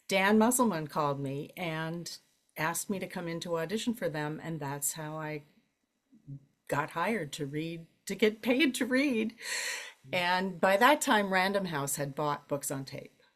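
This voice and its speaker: An older woman who narrates audiobooks tells her stories at a library event in an interview setting. She's relaxed, conversational, and unhurried, laughs often, and jumps high in pitch for emphasis.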